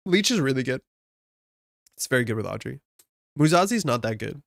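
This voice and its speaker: Chatty Canadian man with a gravelly voice. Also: mid-range voice, sing-song, a little fast, no echo, studio quality. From Alberta, Canada. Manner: chatty and self-mocking, thinks aloud, laughs often. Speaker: streamer building a card game deck. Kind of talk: casual live-stream chat.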